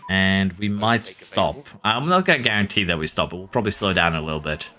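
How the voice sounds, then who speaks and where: A Norwegian man talks casually to his stream audience as he plays. His voice sits a little low but has a bright, forceful edge. He keeps an easygoing tone, reading out chat and chuckling often. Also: expressive, brisk, faint music behind. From Norway. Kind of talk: casual live-stream chat while playing.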